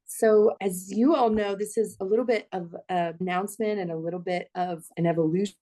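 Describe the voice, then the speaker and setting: A woman's voice: medium pitch, steady tone, a little fast, mellow. A woman midwife speaking at a parents' panel, heartfelt and a little teary as she talks. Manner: emotional, heartfelt, slightly teary. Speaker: midwife, clinical director. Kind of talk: panel discussion remarks.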